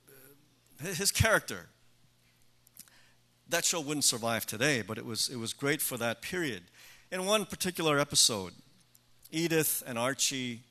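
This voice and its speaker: Slow, bright-voiced older preacher. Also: male voice, mid-range voice. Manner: measured, with emphatic rhetorical questions. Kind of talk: sermon.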